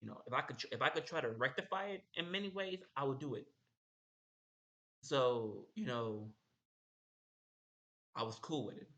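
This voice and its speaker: Bright-voiced young man rambling. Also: mid-range voice, moderate pace, pauses often, highs cut off. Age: young adult. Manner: rambling, repeats himself. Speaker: streamer host. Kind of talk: casual storytelling.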